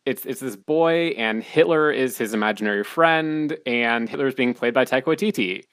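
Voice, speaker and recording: A man's voice: mid-range voice, a bit bright, no room sound. A man co-hosting a film podcast, his voice in a plain middle register. He rambles, circles back over his words and sounds amused. The recording is dry and close. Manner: rambling, restarts sentences, amused. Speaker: podcast co-host. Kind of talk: casual film chat.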